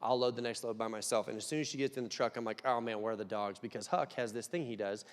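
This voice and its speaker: A young man preaching a conversational sermon, dropping to quiet asides and rising to loud, emphatic peaks. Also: mid-range voice, fairly even intonation, fast talker. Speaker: pastor. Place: church hall. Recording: long hall reverb.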